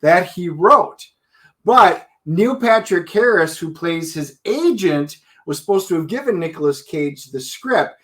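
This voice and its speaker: An animated male co-host talks through a movie in casual back-and-forth and laughs easily. His voice is high for a man. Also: measured pace. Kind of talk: casual chat.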